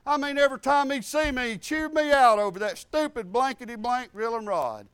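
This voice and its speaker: Male preacher, high and expressive, folksy and animated. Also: fairly quick, smooth, no echo. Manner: folksy storytelling, animated, acts out quotes. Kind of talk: sermon.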